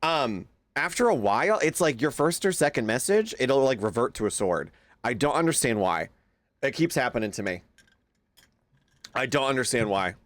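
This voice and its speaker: A man's voice: mid-range voice, sing-song, moderate pace, fairly bright tone, no echo. A young man streaming live, chatting casually with his viewers and greeting them by name, now and then cooing at his pet. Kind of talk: casual livestream chat.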